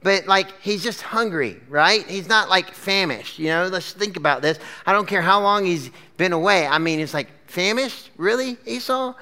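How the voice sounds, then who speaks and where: At a church gathering with a screen, a pastor delivers a casual sermon to a live audience in a high-pitched, pushed, bright yet smooth voice. He talks at normal speed with hardly any pauses, telling the story in a chatty way full of "like" and "okay?".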